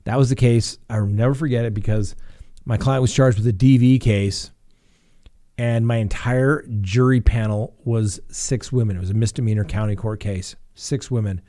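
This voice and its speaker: A man's voice: mid-range voice, steady tone, normal speed, mellow. A middle-aged man, a defense attorney hosting a live show, telling courtroom stories casually and acting out the voices of the people in them. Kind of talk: casual live-stream storytelling.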